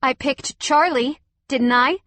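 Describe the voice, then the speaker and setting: A woman's voice: sits high, slow pace, a bit bright, dry recording, pitched above the performer's own voice. A woman voicing a hurt but defiant young widowed mother in an audiobook, emotional and firm.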